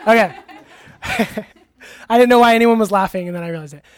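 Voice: mid-range voice, fast. A youth pastor giving a casual, interactive sermon in a church hall, asking the audience questions and laughing easily. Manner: laughs easily, uses many fillers.

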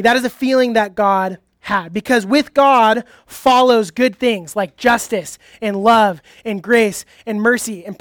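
A young man preaching a youth sermon in a casual, energetic, conversational way. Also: very high voice, no room sound, studio quality. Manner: conversational, energetic, uses "like" often. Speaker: youth pastor.

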